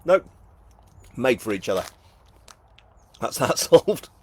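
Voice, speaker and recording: A man's voice: mid-range voice, sing-song, takes it slowly, darkish tone, breathy edge. A middle-aged man with a Northern English accent, chatting casually as he reads out viewer comments at a live book launch, jokey and self-deprecating. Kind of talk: casual live-stream chat reading comments.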